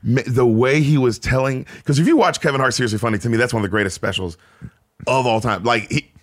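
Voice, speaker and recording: Man, 30s, from Memphis, comedian guest, fast, mid-pitched, rambling storyteller. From Memphis, Tennessee. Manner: rambling, animated storytelling with many restarts. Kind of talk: casual podcast chat.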